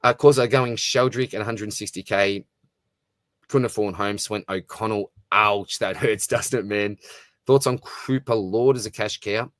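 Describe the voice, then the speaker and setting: A man's voice: lowish voice, fairly even intonation, normal speed, a bit bright, dry recording, clean studio sound. A man hosting a live stream, chatting casually and answering viewer comments, calling everyone "mate". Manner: matey, chatty, often says "mate". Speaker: fantasy football live stream host.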